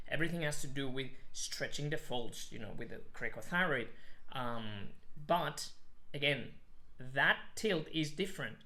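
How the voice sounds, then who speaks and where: A man's voice: fairly high pitch, bright, forceful tone. A middle-aged man teaching singing, explaining technique with many restarts. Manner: explains with sung examples, many restarts and fillers. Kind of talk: voice lesson with sung demonstrations.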